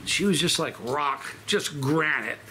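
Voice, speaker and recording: Guy talking to his channel, kinda high voice, rambles and restarts a lot, faint hum behind. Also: lively intonation, unhurried, bright, forceful tone. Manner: emphatic, rambling, with frequent restarts and self-corrections. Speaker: channel host. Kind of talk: casual storytelling monologue.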